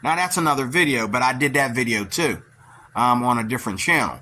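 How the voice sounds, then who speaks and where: Blunt man with a bright, tense voice. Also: medium pitch, expressive, a little fast. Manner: blunt, opinionated, keeps asking "okay?". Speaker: video commentator. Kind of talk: rambling reaction commentary.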